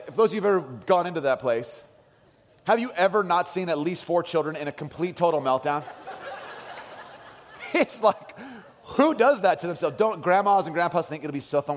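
A man in his thirties preaching a sermon, telling stories in an animated way and swinging from loud to quiet. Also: fairly high pitch. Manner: animated storytelling, voices his son and swings from loud to soft. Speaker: pastor. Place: large church hall. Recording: long hall reverb.

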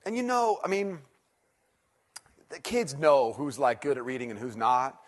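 A man's voice: mid-range voice, very animated, measured pace. A man in his thirties talking to an audience, telling a self-mocking personal story and acting out his own reactions. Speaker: speaker addressing an audience.

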